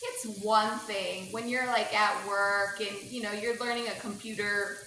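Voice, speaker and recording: A woman's voice: medium pitch, unhurried. A woman hosting a podcast as a family therapist, talking in an empathetic, affirming way. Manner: empathetic, affirming, animated reactions. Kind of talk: supportive interview talk. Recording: echoey room with faint noise.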